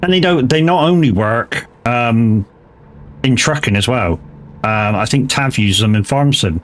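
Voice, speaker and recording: A man's voice: medium pitch, animated, a little slow, a little hiss or hum. An English man and gaming streamer in casual chat during a livestream, rambling and chatty, swearing freely. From England. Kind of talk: casual chat while live-streaming a driving game.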